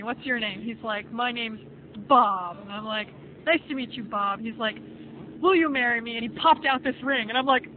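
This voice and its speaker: A young woman vlogging outdoors, chatting casually and saying "like" all the time as she tells stories. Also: a little high. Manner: chatty, peppers speech with "like", animated storytelling. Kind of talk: casual chat. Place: outdoors at an airport, wind. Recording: lo-fi phone-like band, loud wind noise.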